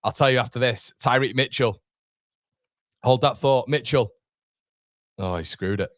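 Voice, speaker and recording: A man's voice: mid-range voice, a little slow, no echo, studio quality. A young man hosting a live football watchalong, chatting casually with viewers and calling them mate. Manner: chatty, calls viewers mate, reads out chat.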